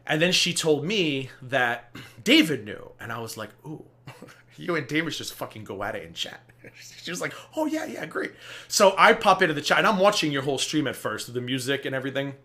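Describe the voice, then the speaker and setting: Man, streamer host, casual chat, profane, animated storyteller, bright tone. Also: mid-range voice, a little fast. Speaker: livestream host.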